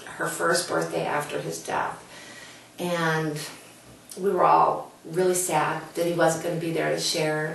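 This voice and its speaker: A woman's voice: on the low side, a little hiss or hum. A woman author telling a personal story in an earnest, heartfelt way, talking casually to the camera. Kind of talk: casual guest talk to camera. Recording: very echoey room, voice from a distance.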